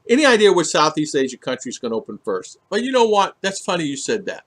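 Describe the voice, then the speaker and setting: Talking fast in a slightly high, somewhat bright voice with big swings in pitch, a man reads viewer comments aloud on a casual livestream from his home in the Philippines. He rambles through the chat with many fillers and restarts.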